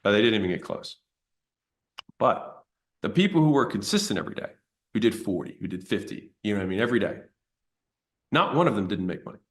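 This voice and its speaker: Blunt low-voiced man telling a story. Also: fast talker, long pauses. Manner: blunt, conversational, with occasional swearing; animated retelling of his own past. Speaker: entrepreneur telling a business story. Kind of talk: casual storytelling.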